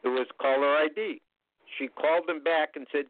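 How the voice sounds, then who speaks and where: An older man telling rambling, chatty anecdotes as an interview guest, with frequent pauses. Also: on the high side, fairly even intonation, no echo, narrow, tinny audio. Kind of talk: storytelling anecdotes in casual conversation.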